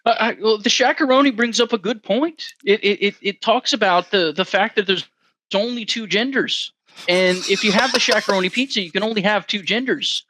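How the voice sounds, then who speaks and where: Guy doing a stiff pedantic lecturer, stammery, high and bright. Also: brisk, slight background noise. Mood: lecturing.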